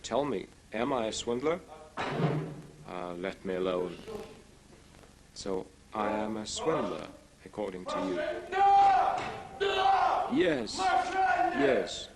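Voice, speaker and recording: Man dubbing a stage play, lively. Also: fairly low pitch, slow, pauses often, over a noisy crowd, heavy background noise. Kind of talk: single-voice dubbed theater dialogue.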